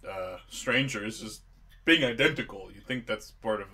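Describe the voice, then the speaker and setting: A man's voice: fairly low pitch, lively intonation, normal speed, bright, forceful tone, slightly rough. A man doing a comedic drunk film review, tipsy, sarcastic and crude, laughing at his own jokes.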